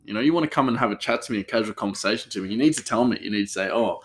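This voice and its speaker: A man's voice: lowish voice, rapid-fire, breathy edge. A man, hosting a podcast as a chef, chatting casually in a rambling way with many restarts. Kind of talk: casual solo podcast chat.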